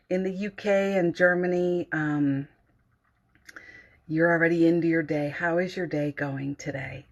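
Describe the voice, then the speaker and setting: A middle-aged woman hosting a casual morning livestream from home, gentle and giggly, greeting viewers and reading their comments aloud. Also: on the low side.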